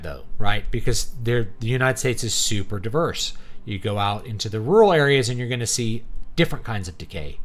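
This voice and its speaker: A man hosting a casual commentary monologue, opinionated and often checking in with "right?" after his points. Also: mid-range voice. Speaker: host.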